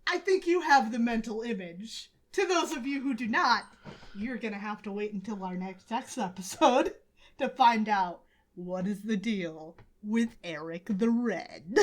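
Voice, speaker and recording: Higher-voiced woman retelling a comic. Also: measured pace. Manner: lively storytelling, swears, acts out quotes. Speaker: podcast co-host. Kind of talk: comic book recap banter.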